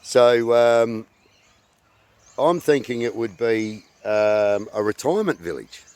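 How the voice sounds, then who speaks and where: An Australian man in his fifties hosting his channel in casual, halting talk full of fillers, recorded outdoors. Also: mid-range voice, animated, darkish tone, smooth. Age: 50s. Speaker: channel host.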